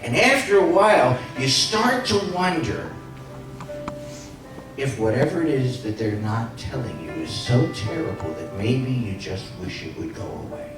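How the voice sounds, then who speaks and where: This motivational speech comes from a man in his sixties recounting a personal story with comic punchlines. His medium-pitched voice is very animated and unhurried, captured by a distant mic over music in an echoey hall.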